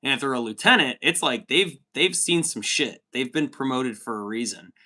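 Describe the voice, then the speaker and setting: A man's voice: mid-range voice, lively intonation, moderate pace, pushed and bright. A man in his thirties hosting a livestream, chatting casually and swearing often while reading out chat comments. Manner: profane, rambling, says dude a lot.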